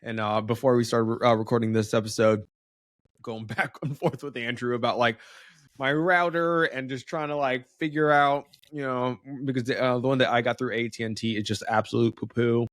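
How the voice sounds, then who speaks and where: This is a man in his thirties co-hosting a casual podcast with friends over a remote call. He rambles through his points with plenty of fillers and breaks into laughter often. His voice sits at an ordinary pitch and the recording is dry, with no room around it. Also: fairly even intonation, normal speed, a bit bright, dry recording. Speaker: podcast co-host. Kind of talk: casual chat. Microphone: remote call over home internet.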